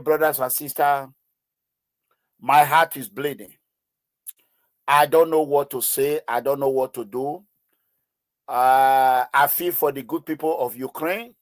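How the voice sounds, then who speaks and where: A man's voice: fairly high pitch, no echo. A man giving emotional news commentary in an impassioned, pleading way, with many fillers and repeats.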